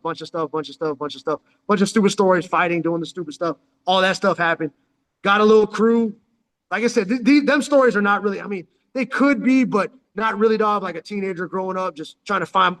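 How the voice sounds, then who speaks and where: Guy spinning loose street stories into his phone, raised pitch, lots of slang and swearing, in a reverberant space. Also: fast talker, a bit bright. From San Diego, California. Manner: profane slang, calls listener "dog" constantly. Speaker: vlogger telling life stories. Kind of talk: rambling street storytelling. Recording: long hall reverb.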